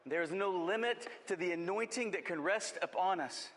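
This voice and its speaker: A man's voice: sits high, moderate pace, fairly bright tone, in a large hall. A man preaching a sermon as pastor, with impassioned, rising emphasis.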